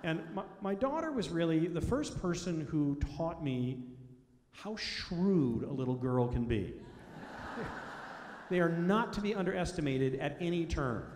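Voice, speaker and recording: A man's voice: a little high, lively intonation, a little slow, darkish tone. A middle-aged man telling family anecdotes to an audience, acting out the voices in his stories. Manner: storytelling, acts out quoted voices. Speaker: author speaking to an audience. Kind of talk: anecdotal talk. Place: school auditorium. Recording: echoey hall, long reverb.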